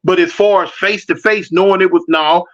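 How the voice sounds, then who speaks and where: A middle-aged man chats loosely on a livestream, calling out viewers by name and pleading for likes in easy street slang. His voice sits high for a man. The sound is a bit dull and lo-fi. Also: steady tone, moderate pace, fairly bright tone. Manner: reads out viewer comments and begs for likes. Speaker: livestream host. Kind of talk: casual livestream chat.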